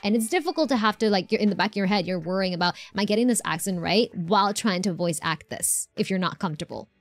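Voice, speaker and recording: A woman's voice: medium pitch, lively intonation, quick pace, dry recording, soft background music. A woman live-streaming a game, chatting casually and answering her chat with lots of fillers and restarts.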